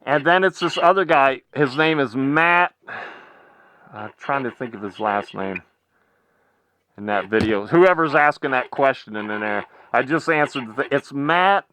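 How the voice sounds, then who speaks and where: A man speaking as a guest on a casual livestream. He trips over his words and repeats them, then switches into an announcer's call to the audience. His voice sits high and sounds dry and close. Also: no room sound. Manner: halting, repeats words, announcer-like "ladies and gentlemen".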